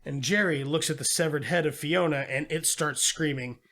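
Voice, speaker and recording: A man's voice: a little high, normal speed, a bit bright. A man co-hosting a podcast, casually retelling a film's plot with lots of swearing and quoted voices. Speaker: podcast co-host. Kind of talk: casual movie review chat.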